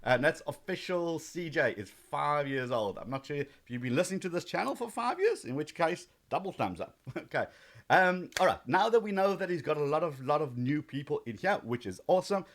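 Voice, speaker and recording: A man hosts a casual live training stream with a slightly higher-pitched voice. He talks in a chatty, easygoing way, greets viewers one by one, and fills his pauses with ums. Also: big pitch swings, fairly bright tone. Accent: South African.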